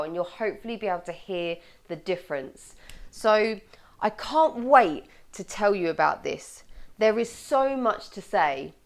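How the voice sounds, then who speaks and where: A woman presenting a communication tips video as a coach, with lively delivery and clearly stressed words. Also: medium pitch.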